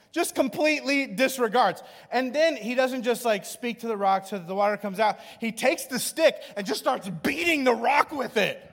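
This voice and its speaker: A man preaching a sermon in a conversational way, going from hushed to loud. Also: extremely high pitch, vocal fry. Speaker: pastor. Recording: long reverb in a large hall.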